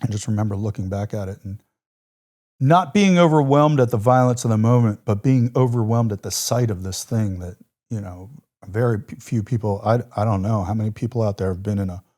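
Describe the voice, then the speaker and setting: Guy in his 40s, veteran telling war stories on a podcast, warm lowish voice, reflective. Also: normal speed. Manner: vivid, reflective storyteller with casual fillers. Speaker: military veteran guest. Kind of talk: podcast interview storytelling.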